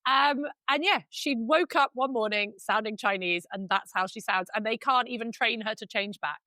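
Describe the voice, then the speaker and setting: A woman's voice: a little high, normal speed, bright, forceful tone, no echo. A woman co-hosting a podcast, chatting frankly with a giggly, talkative manner. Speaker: podcast co-host. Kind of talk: casual chat.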